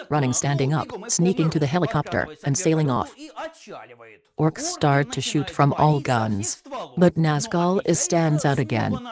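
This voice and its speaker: A film reviewer giving sarcastic, mocking scripted narration in slightly broken English. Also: medium pitch.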